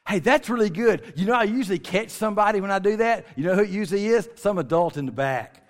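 A man at a creation ministry gives a folksy, joking talk to a family audience, drawing out words for emphasis. His voice sits high and he speaks fast and animatedly. The long reverb of a large hall colors the recording.

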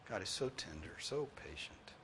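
A man preaching a sermon, earnest and pleading, repeating his points for emphasis and swinging from soft, low tones to loud, high ones. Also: animated, normal speed, background noise. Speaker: pastor.

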